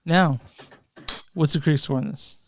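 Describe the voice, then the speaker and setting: A man's voice: on the high side, moderate pace, a little hiss or hum. A man co-hosting a casual movie podcast, easygoing, reading out review scores and show plugs. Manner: easygoing, reads reviews and plugs, laughs often. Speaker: podcast co-host.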